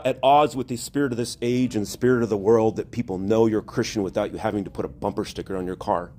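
A man's voice: on the low side, steady tone, fast, few pauses, darkish tone. A male priest preaching a sermon, earnest and rising to emphatic exhortation.

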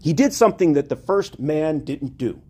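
A man giving a conversational sermon as a priest, animated and chatty, laughing now and then. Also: on the high side, normal speed, slightly rough.

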